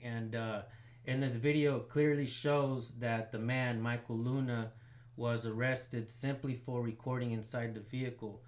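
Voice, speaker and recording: A man's voice: medium pitch, flat delivery, unhurried. A man hosting a citizen journalism channel, commenting casually and pressing a sheriff's station by phone. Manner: casual, rambling, filler-heavy.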